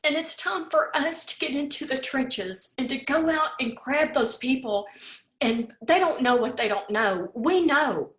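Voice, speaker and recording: A woman's voice: sits high, expressive, unhurried, fairly bright tone, echoey room. A woman giving a heartfelt, tearful farewell speech as host of an online talk, repeating her words and saying y'all.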